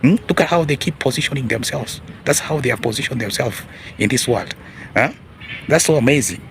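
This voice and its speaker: A man's voice: medium pitch, animated, fairly quick, gravelly, slight background noise. A man hosting an opinion monologue, preachy, often asking the audience rhetorical questions. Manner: preachy, repeats "ladies and gentlemen" and rhetorical "huh?". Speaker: video host.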